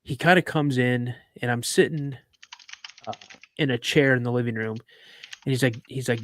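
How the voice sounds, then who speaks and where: A man's voice: medium pitch, a little slow, pauses often, slight background noise. A middle-aged man hosting a live podcast, telling a story casually, with many restarts and stammers. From Minnesota. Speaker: podcast host.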